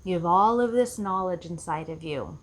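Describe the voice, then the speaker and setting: A woman's voice: fairly low pitch, normal speed. A woman life coach giving an earnest, reflective self-help talk, often repeating herself for emphasis. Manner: earnest, repetitive, acts out quoted voices.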